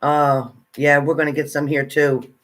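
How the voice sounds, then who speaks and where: A man's voice: on the high side, little pitch movement, normal speed, fairly bright tone. A man in casual live-stream chat, a tarot reader who chats away while reading out viewers' comments. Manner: chatty, reads out viewers' comments, eats while talking.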